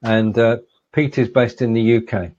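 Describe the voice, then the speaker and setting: A man hosting a live stream in a relaxed, chatty way, reading out viewer comments. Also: mid-range voice, normal speed, highs cut off, a little hiss or hum. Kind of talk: casual live-stream interview.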